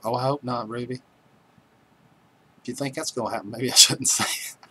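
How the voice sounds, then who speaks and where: A man's voice: mid-range voice, steady tone, moderate pace, pushed and bright, a little hiss or hum, rough recording. A man hosting a livestream, chatting casually and joking with viewers as he reads their names aloud. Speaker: livestream host. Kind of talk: casual chat with live viewers.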